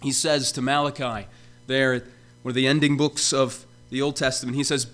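Man, preacher, emphatic sermon, mid-pitched voice, faint music behind. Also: flat delivery, moderate pace, fairly bright tone. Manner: emphatic preaching, rising on repeated calls to behold.

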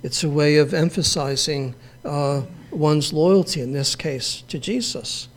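A man preaching a sermon, earnest and measured, leaning on emphatic repetition. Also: fairly high pitch. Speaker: pastor.

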